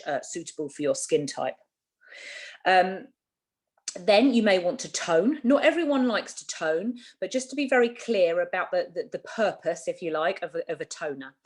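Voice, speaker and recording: A woman from Britain with a slightly low voice runs a skincare training session. She talks in a chatty, emphatic way, stressing key points and going back over them so nobody misses them. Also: animated, moderate pace, darkish tone. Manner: chatty, emphatic, repeats herself for clarity. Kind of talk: training talk.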